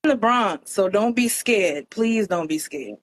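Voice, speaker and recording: A woman from Queens, a guest on a live dating show who jokes around and gives playful shout-outs. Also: medium pitch, expressive, slow pace. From Queens, New York. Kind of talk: casual chat.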